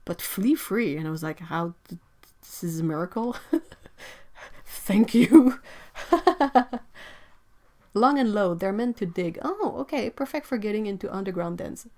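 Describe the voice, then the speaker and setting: A young woman from Quebec chats on a relaxed livestream in English. She sits at a middle pitch and reacts out loud to viewer comments. Her delivery is expressive, full of exclamations and laughter. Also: slow pace, long pauses. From Quebec, Canada. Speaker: livestream host. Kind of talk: casual livestream chat reading viewer comments.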